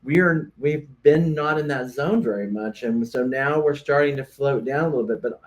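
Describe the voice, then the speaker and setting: A man's voice: medium pitch, moderate pace. Earnest realtor man explaining on a podcast. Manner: earnest, explanatory, with stammered restarts. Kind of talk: casual chat.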